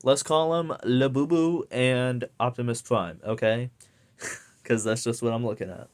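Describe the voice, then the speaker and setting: A man's voice: mid-range voice, steady tone, a little slow. A young man ranting casually to camera, rambling and swearing with lots of fillers. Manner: profane, rambling, many fillers. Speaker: vlogger.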